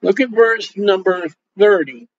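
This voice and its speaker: A high-voiced male preacher tells jokes through his sermon and acts out the lines of people in his stories. The recording is dull and lo-fi. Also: a little slow, dry recording. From Polish Roman Catholic upbringing. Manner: joking, animated, acts out quoted dialogue. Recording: dull lo-fi sound.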